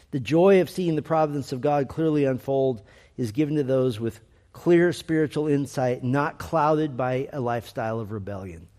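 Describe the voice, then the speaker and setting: A man preaching a sermon to his congregation, earnest and emphatic, slowing down to stress key phrases. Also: mid-range voice, warm tone. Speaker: pastor.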